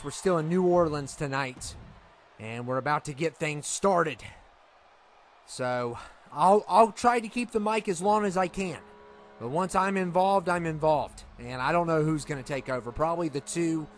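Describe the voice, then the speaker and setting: Whiny high-voiced man commentating a game. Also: expressive, a little slow, a little hiss or hum. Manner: whiny, exasperated rambling. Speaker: YouTuber commentating a wrestling game.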